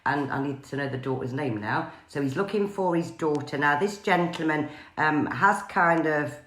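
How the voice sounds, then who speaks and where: A woman psychic medium, doing a live-streamed spirit reading in a halting way full of fillers and pauses. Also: deep voice, expressive, a bit bright, roomy sound. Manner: hesitant, many fillers and pauses.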